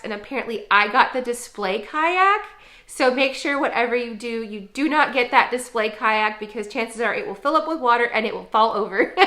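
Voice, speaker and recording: A chatty woman from Texas talks casually to the camera as a local realtor. Her voice is bright and sits a little high, and she leans on plenty of "um"s while laughing at her own slips. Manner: chatty, filler-heavy, laughs at herself.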